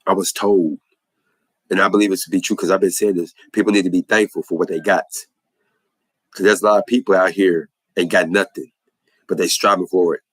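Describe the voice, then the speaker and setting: A man's voice: deep voice, fairly even intonation, brisk, a bit bright, breathy edge, dry recording, low-quality recording. A man giving an impassioned religious testimony in a preacherly way, repeating phrases for emphasis.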